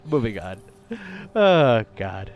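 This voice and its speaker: A man's voice: on the low side, big pitch swings, slow pace, muffled recording. A man casually commenting on a video game he is playing, joking playfully and laughing often. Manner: playful and jokey, laughs often, mock-dramatic asides. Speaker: game streamer. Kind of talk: casual let's-play commentary.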